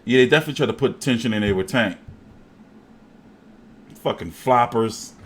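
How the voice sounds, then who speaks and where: A man hosting a casual boxing show, talking in an animated, profane, jokey way. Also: medium pitch, normal speed.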